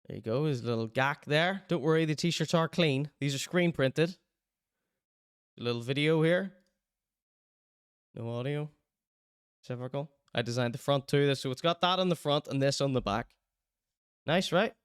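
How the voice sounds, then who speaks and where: A man's voice: fairly high pitch, normal speed, pauses often, smooth, dry recording, clean studio sound. A man hosting his own online show, plugging t-shirts in a joking, rambling, self-mocking way. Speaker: show host.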